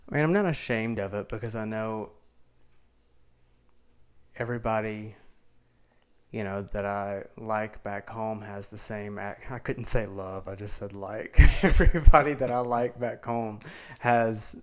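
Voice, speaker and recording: A man's voice: lowish voice, measured pace, clear, resonant tone. A man in his twenties from Mississippi with a Southern accent, chatting bluntly and casually as a podcast co-host. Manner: laid-back, blunt, swears freely.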